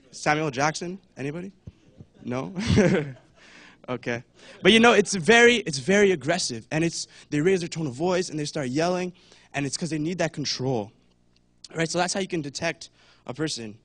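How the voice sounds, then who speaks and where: A man's voice: fairly high pitch, animated, moderate pace, a bit bright, no echo. A young man giving a casual talk at church, chatty, with many fillers, and acting out voices now and then. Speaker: church speaker.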